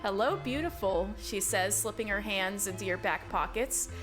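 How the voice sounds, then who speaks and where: A young woman streamer reading a story game aloud in a slow, theatrical way, breaking off for swearing asides. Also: mid-range voice, over music. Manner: reads dialogue slowly and dramatically, swears and laughs in asides. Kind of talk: reading a visual novel game aloud with commentary.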